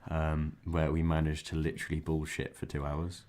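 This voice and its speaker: A man with an extremely deep voice co-hosts a casual film podcast. He teases his co-host in a dry, deadpan way. Faint noise sits behind him. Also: moderate pace. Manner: dry, teasing, deadpan asides.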